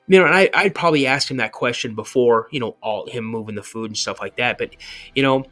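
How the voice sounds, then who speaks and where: A man of ordinary pitch tells a personal encounter story as a podcast guest. He rambles, circling back with "you know" and restarting sentences as he goes. Faint music sits underneath his voice. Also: fast, a bit bright.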